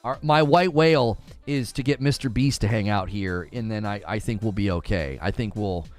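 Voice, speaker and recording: A man's voice: on the low side, moderate pace, soft background music. A man hosting a casual live stream, chatting and joking with viewers, laughing often and slipping into playful voices. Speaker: streaming show host.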